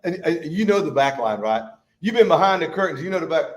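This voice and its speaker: A man's voice: a little high, expressive, a little fast, hardly any pauses. Folksy male Bible study teacher. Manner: folksy, acts out quotes with shifting voice. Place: church.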